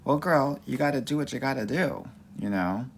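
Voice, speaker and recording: A man's voice: medium pitch, lively intonation, normal speed, slight background noise. A young adult man coaching on dating in a live-stream Q&A, sassy and campy, talking with a Valley Girl lilt and calling viewers girl and honey. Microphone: phone or webcam mic for a live stream.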